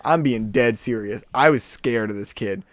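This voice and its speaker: Rambling, sardonic young podcast co-host. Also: male voice, medium pitch, moderate pace, no echo, studio quality. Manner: rambling, sardonic, laughs often. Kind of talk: casual storytelling chat.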